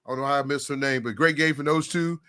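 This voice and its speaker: A man hosting a casual high school basketball talk show, rambling and animated, often addressing his co-host. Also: quick pace. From Oklahoma, US. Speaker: podcast host.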